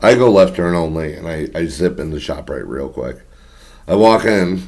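A man's voice: rumbling low, expressive, moderate pace, darkish tone. A man casually telling a story to friends, acting out quotes and swearing freely.

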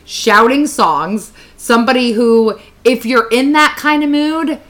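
A woman's voice: fairly high pitch, measured pace, fairly bright tone. A woman co-hosting a podcast, chatting and telling a story casually, laughing often. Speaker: podcast co-host.

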